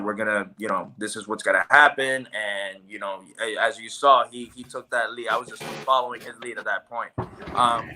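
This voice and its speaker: A man chatting as a podcast guest, telling a story with lots of acted-out quotes. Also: mid-range voice. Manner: animated storyteller, acts out quotes. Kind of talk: casual podcast chat.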